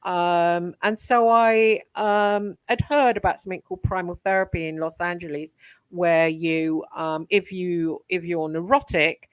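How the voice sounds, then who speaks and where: Woman guest on a chat, talks it out slow with loads of ums, lower voice, dry sound. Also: fairly even intonation, clear, resonant tone, no room sound. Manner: hesitant, many ums and restarts, frank. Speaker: interview guest, psychic medium and author. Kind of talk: recounting her life story in a casual interview.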